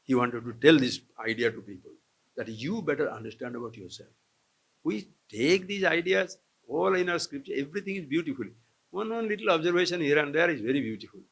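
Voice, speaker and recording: Lively swami giving a talk. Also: male voice, on the high side, brisk, creaky, husky. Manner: animated, humorous, acts out quotes, addresses listeners as friends. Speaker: swami, spiritual teacher. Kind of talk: spiritual discourse to a camp audience.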